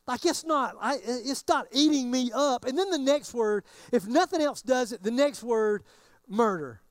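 A man's voice: extremely high pitch, measured pace, no room sound. A man preaching a sermon in a casual, conversational way, often acting out what his listeners might be thinking. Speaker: pastor.

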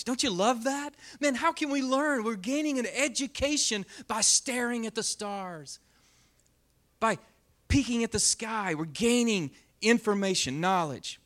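High-voiced, animated male Bible teacher. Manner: expressive, shifts between loud emphasis and hushed near-whisper; speeds up and slows down on purpose.

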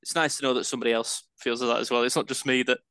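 A man's voice: mid-range voice, flat delivery, racing, pushed and bright, clean tone, dry recording. A man co-hosting a casual beer podcast, self-deprecating and rambling, with lots of fillers as he talks about brewing. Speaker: podcast co-host and home brewer. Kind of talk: casual chat.

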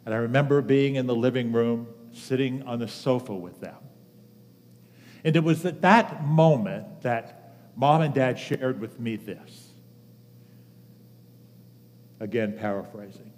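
A man in his seventies giving a sermon as pastor, telling a personal story earnestly with measured pauses. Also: mid-range voice, darkish tone. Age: 70s. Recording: long reverb of a large hall.

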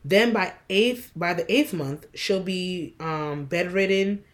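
Young woman cohost, blunt and opinionated, kinda low voice, just chatting. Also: slow. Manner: blunt, opinionated, reads posts aloud. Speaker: podcast co-host. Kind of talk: casual chat.

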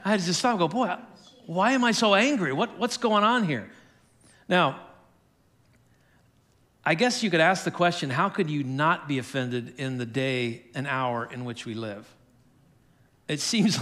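A man's voice: fairly high pitch, fairly bright tone. An older man preaching a sermon as pastor, candid and self-deprecating, often chuckling at himself.

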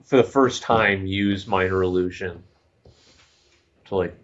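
A man's voice: low-pitched, measured pace, fairly bright tone. A man playing in a tabletop game, casual with joking, mumbled asides. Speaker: player. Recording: dull lo-fi recording with faint noise.

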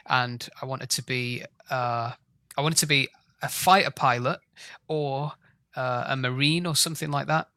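A man in his thirties from England with a softened Yorkshire accent, an English teacher answering interview questions in a relaxed, rambling way over a video call. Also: medium pitch, no room sound. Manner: relaxed, rambling, many fillers.

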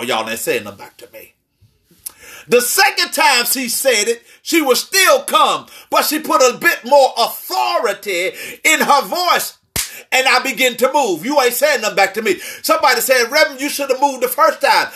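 Man, pastor, preaching, high bright voice, shouting call-and-response. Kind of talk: sermon.

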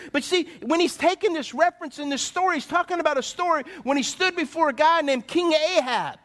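A man preaching a sermon as pastor, animated and conversational, asking his listeners questions. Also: very high-pitched, brisk, few pauses.

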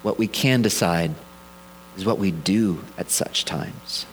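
A solemn, ancient wizard-like God, as a preacher puts him on, speaking in a deep, lowered, hushed voice. Slow and grave, he gives wise counsel. A faint electrical hum sits underneath. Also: rough recording.

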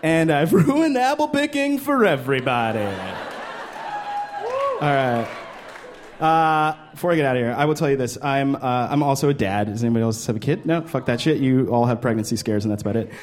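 A man in his thirties doing stand-up comedy, animated and profane, slipping into exaggerated voices. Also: mid-range voice, a little fast, a little hiss or hum. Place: live comedy stage.

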